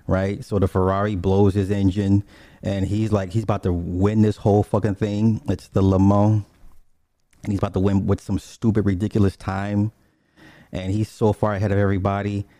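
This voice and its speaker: A man giving a rambling, profane, casual commentary, slipping into quick voices when he quotes people. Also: on the low side, level tone, warm tone, dry recording, studio quality. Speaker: commentator on online streamers.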